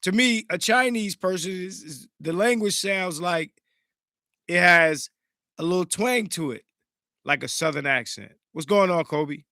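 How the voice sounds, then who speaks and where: A man hosting a podcast in a casual, profane, animated way, greeting live chat viewers, sounding slightly congested. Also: sits high, unhurried, no room sound, clean studio sound. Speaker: podcast host.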